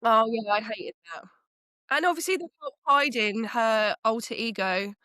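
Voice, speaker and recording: A woman's voice: on the high side, normal speed, sharp tone, no room sound, studio quality. A woman co-hosting a casual book chat, laughing often and trailing off mid-thought. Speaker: podcast co-host.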